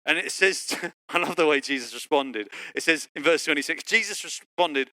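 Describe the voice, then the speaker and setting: A man preaching a sermon in a bright, slightly high voice. He tells stories in a casual way and leaps up in pitch to act out what people said. The sound is close and dry. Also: fast talker, dry recording. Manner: lively storytelling, acting out quotes with big pitch jumps. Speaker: pastor. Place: church online service.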